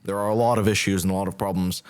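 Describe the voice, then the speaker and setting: A male English teacher on a panel podcast, giving thoughtful, measured opinions. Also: low-pitched, fairly even intonation, a little mellow, smooth. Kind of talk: casual panel discussion.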